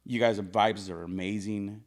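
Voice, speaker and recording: A man's voice: lowish voice, steady tone, unhurried. A man hosting a podcast in casual chat, laughing often, swearing freely and gushing over his guests. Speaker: podcast host.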